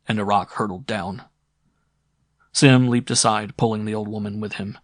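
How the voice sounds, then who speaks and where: A man narrating a science fiction audiobook in a steady, dramatic reading. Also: fairly low pitch, normal speed, pauses often, no room sound, clean studio sound. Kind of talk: scripted narration.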